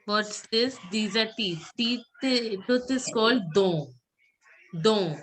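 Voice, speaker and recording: Woman, French teacher, very slow, patient repeat-after-me drilling. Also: on the high side, steady tone, fairly bright tone. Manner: patient, repeats each word slowly for students. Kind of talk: classroom pronunciation drill.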